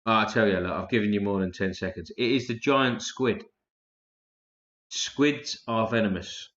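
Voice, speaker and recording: A man's voice: fairly low pitch, steady tone, normal speed, fairly bright tone. A man hosting a casual live stream, chatting loosely and swearing freely while tired and yawning. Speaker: livestream host. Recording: roomy, dull lo-fi stream audio.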